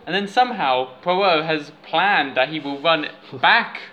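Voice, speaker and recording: A man's voice: on the high side, lively intonation, a little slow, dull audio, a little hiss or hum. A man retelling film scenes in detail and slipping in puns during a casual chat.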